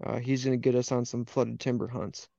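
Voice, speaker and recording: Gravelly Upper Midwest man, dull dry sound. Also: mid-range voice, level tone, a little fast, dark tone, no room sound. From Wisconsin. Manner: laid-back, laughs easily, acts out quoted lines. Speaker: podcast guest, hunting guide. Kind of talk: casual chat.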